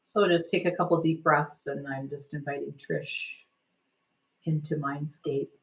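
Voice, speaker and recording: A woman energy healer guiding a healing session, speaking gently and soothingly, meandering with many "like"s and "sort of"s. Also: sits low, steady tone, unhurried, low-quality recording.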